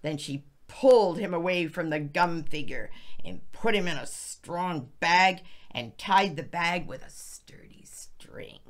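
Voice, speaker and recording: A woman narrating a folk tale slowly for English learners, with expressive reading and soft, hushed passages. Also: lowish voice. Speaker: storyteller.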